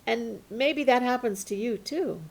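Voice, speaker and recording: A woman storyteller telling a folk tale to children in an animated, playful way, with sudden hushes and leaps in pitch. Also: measured pace.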